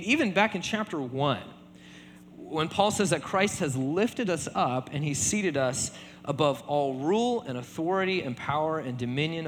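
A man preaching a sermon in a relaxed conversational way, often checking in with "right?". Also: on the high side, big-room sound, a little hiss or hum. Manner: conversational, many fillers and repeated tag questions. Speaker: pastor.

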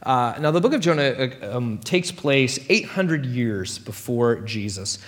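A man preaching a sermon as pastor, telling stories in a casual, animated way with playful asides. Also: mid-range voice, measured pace. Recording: long hall reverb.

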